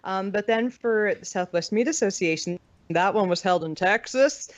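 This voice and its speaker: A woman's voice: medium pitch, moderate pace, dry recording. Chatty, swearing American woman. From United States. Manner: chatty storyteller who swears freely and acts out quotes. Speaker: podcast guest. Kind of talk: casual chat. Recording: dull dry recording.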